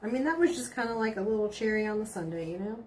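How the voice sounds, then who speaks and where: A woman's voice: mid-range voice, expressive, quick pace, darkish tone, slight background noise. A middle-aged woman, chatting casually on a live stream and reading out viewer comments, bubbly and giggly. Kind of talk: casual chat.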